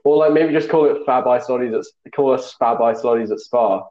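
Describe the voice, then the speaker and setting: A young man hosts a loose podcast chat, teasing his guest and quick to joke. His voice sits at a middle pitch. The recording sounds roomy and a little dull. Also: mellow. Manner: jokey and teasing, quick to laugh. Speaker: podcast host. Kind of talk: casual chat.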